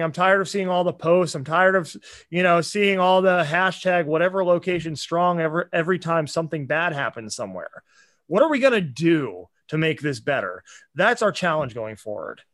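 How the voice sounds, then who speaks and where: Guy cohosting a podcast, fired up and earnest, kinda high voice, super dry sound. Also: very animated, moderate pace, fairly bright tone, no room sound. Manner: earnest, impassioned, preachy. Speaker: podcast co-host. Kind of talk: casual chat.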